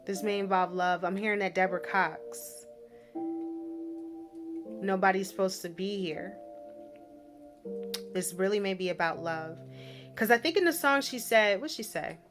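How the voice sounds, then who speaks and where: Woman spiritual reader, mid-pitched, talks loose and chatty with constant check-ins, music under her. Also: measured pace, long pauses. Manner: chatty, repeats tag questions like "right?" and "okay?". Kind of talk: casual intuitive message reading.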